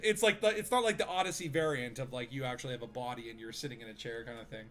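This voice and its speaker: A man's voice: medium pitch, rapid-fire, few pauses, a bit bright. A man streaming a video game, chatting casually with friends, rambling with fillers and laughing easily. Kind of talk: casual gaming chat.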